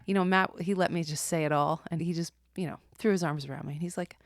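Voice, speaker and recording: A woman with a notably low voice talks through her thoughts as a podcast guest, pregnant and reflective, often searching for the right words. The sound is dry and close, with no room around it. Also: steady tone, quick pace, no echo. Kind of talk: casual chat.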